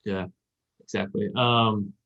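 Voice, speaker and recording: A man's voice: lowish voice, fairly even intonation, slow pace, fairly bright tone, dull audio. A man co-hosting a casual podcast, explaining Japanese vocabulary in a rambling way with lots of fillers and restarts. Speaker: podcast co-host. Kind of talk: casual chat about learning Japanese.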